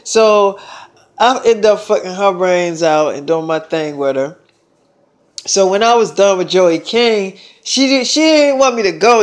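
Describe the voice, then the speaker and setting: Man, high pitched, casual slangy storyteller who rambles and swears. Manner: slangy and profane, rambling with fillers. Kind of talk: casual first-person storytelling.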